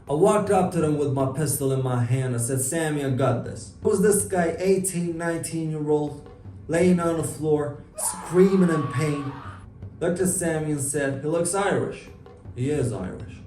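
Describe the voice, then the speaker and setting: Guy narrating a gritty mob story in first person, kinda high voice, echoey and far from the mic. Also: darkish tone. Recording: roomy distant mic with music.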